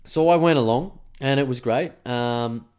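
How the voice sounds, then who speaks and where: An Australian man in his thirties hosting a podcast, telling stories in a chatty, animated way and swearing freely. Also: mid-range voice, a little slow, smooth. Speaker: podcast host. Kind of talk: casual solo chat.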